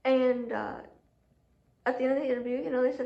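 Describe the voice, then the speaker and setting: A chatty woman with a slightly high voice tells her story casually to camera, full of fillers and quoted inner voices. Her throat is sore. The audio is dull and lo-fi, in an echoey room. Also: brisk, vocal fry, pauses often. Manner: chatty, animated, with many fillers and quoted self-talk. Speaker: job seeker telling her story. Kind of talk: casual vlog talk to camera.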